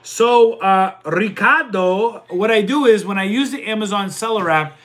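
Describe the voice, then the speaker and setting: A man hosting a casual livestream, reading viewers' comments and answering them in a loud, energetic way, working sums out aloud. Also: high voice, measured pace, faint music behind. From Italian heritage. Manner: loud and energetic, says he yells. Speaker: livestream host answering chat.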